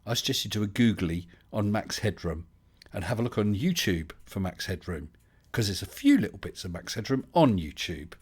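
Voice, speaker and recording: A man's voice: lowish voice, lively intonation, normal speed, slightly rough. A man, hosting a casual live stream and chatting his way through viewer comments with lots of fillers and restarts.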